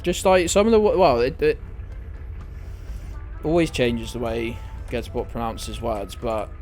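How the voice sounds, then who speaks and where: A man's voice: mid-range voice, measured pace, darkish tone, faint music behind. A man streaming a game, chatting casually, swearing freely and answering his chat. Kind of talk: casual gameplay commentary.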